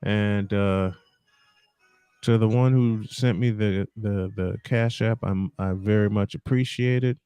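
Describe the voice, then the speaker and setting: Low-voiced man in a dry close-miked chat. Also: fairly even intonation, dark tone, clean tone, no echo, faint music behind. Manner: grateful, halting, repeats himself. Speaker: podcast guest. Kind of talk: casual podcast chat.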